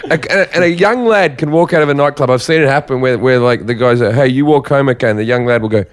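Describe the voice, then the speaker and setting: A man's voice: mid-range voice, fast. A man telling stories in a casual podcast chat, acting out the voices of the people in them. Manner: animated, acts out voices in his stories.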